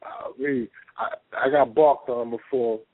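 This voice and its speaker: A man's voice: medium pitch, steady tone, takes it slowly, no echo. Profane laid-back man on a phone line. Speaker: co-host. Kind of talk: casual call-in talk.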